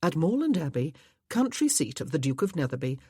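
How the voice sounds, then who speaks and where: A woman narrating a period novel audiobook in a measured, expressive way. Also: low-pitched, husky, dry recording, studio quality. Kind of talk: scripted narration.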